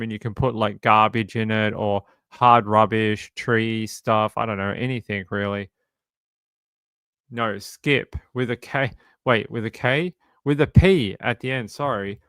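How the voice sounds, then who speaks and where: A chatty Australian man in his forties hosts a casual livestream, answering his viewers and joking around. He often repeats himself as he talks. His voice comes through smooth and clear, close and dry with no room sound. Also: medium pitch, fairly bright tone, no echo. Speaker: livestream host. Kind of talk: casual live-stream chat answering viewers.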